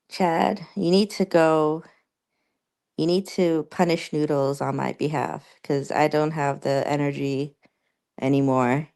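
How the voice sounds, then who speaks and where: A young woman streamer chatting casually with her viewers, rambling and halting with many fillers and restarts. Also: low voice, fairly even intonation, vocal fry, darkish tone.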